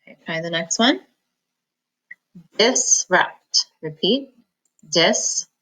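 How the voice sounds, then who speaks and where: A woman teaching a reading lesson, slowly sounding out words and syllables and pausing for the listener to repeat them. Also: fairly low pitch, expressive, bright, forceful tone. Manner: slow, patient enunciation of words and syllables; repeats each word for the listener to echo. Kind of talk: phonics lesson, slow and clear.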